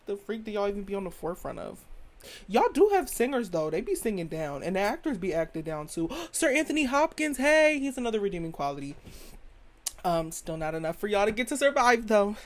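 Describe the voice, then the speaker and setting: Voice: mid-range voice, big pitch swings, brisk. Us podcast host going off, sassy and blunt, keeps repeating the jokes. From United States. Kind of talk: casual opinion rant.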